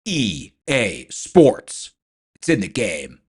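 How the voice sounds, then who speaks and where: A man doing a deadpan AI assistant voice. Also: on the low side, extremely slow, husky, full character voice. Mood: announcing. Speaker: livestream host.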